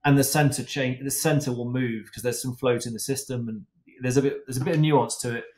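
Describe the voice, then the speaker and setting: A man's voice: mid-range voice, fairly even intonation, fairly quick, a little mellow. A man, a guest stunt and racing driver, telling stories in a chatty podcast conversation full of restarts and fillers. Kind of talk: casual anecdotal podcast talk. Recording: echoey room.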